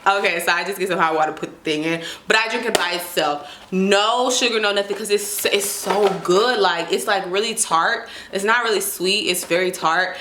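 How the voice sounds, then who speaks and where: A woman's voice: mid-range voice, normal speed, hardly any pauses. A young woman vlogging a casual grocery haul, chatty and slangy, sometimes talking about herself in third person. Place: apartment kitchen. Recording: echoey room with clear background noise.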